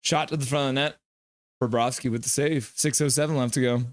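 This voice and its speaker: A man hosting a live hockey reaction stream, calling plays and reading out chat messages with excitement. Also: medium pitch, a little fast, no echo. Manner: excitable, chatty, reads chat aloud.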